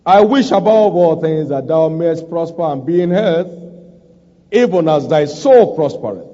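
A man's voice: on the high side, lively intonation, unhurried, mellow. A man preaching a sermon, emphatic and repeating scripture lines for stress. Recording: dull recording with long hall reverb.

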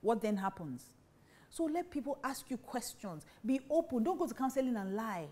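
A woman's voice: on the high side, very animated, moderate pace, a little mellow. A woman teaching on marriage in a preaching style, emphatic and full of rhetorical questions. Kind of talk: preaching talk to women.

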